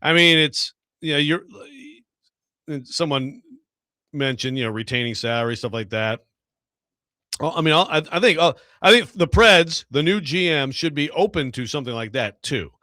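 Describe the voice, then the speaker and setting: A man's voice: fairly high pitch, animated, normal speed, bright, forceful tone, no echo, clean studio sound. A man co-hosting a sports talk radio show, talking casually and hesitantly with many "you know" fillers.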